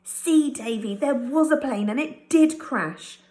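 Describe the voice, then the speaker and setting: A woman reading a storybook aloud, voicing an excited young boy who tells his friend what happened. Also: high voice, slow pace, voice pushed up. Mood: eager. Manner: excited, breathless. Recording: roomy echo.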